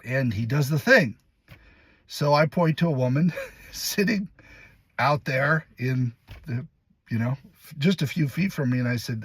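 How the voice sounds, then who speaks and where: A male actor telling a story to camera in a casual, animated way, acting out the lines and voices as he goes. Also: medium pitch, measured pace, pauses often, slightly rough, dry recording. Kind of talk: casual anecdote told to camera.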